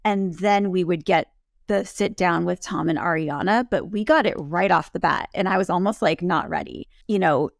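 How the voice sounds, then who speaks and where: A woman recapping a reality show in easy, chatty talk. Her voice has a gravelly edge, and she slips into animated quotes. The sound is close and dry, with no room echo. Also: lowish voice, moderate pace. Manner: chatty, quotes others in lively bursts. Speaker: recap co-host. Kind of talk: casual recap chat.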